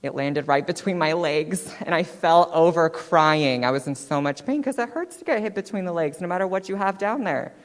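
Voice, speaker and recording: A woman in her twenties, a guest speaker telling her own story on stage in a chatty, animated way, often checking in with "right?". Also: lowish voice, fairly quick, hardly any pauses. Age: 20s. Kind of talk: personal storytelling talk. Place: stage in a hall. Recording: long hall reverb.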